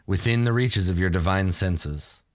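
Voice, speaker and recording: A man's voice: low voice, moderate pace, dry recording, studio quality. A man narrating as game master in a tabletop game, loose and rambling with many fillers.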